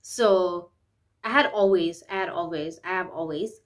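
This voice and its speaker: A woman's voice: fairly low pitch, a little slow, noisy background. A woman vlogging in a candid, rambling way, often repeating herself and speaking openly about private matters. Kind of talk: candid personal vlog talk.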